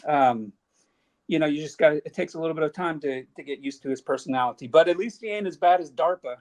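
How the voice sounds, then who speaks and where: A man's voice: a little high, fast talker. A man co-hosting a casual panel, easygoing and slangy, laughing often. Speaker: co-host.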